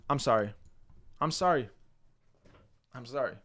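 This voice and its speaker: A man's voice: fairly high pitch, very animated, normal speed, long pauses. A young man casually hosting a live football ranking stream, chatting loosely and reacting to viewers' comments with slang. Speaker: livestream host.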